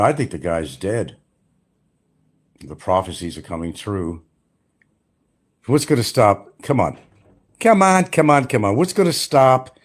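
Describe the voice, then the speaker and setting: An older retired man talking bluntly and profanely on a casual livestream, mocking people and laughing often. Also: low-pitched. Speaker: livestream host. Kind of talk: casual rambling livestream chat.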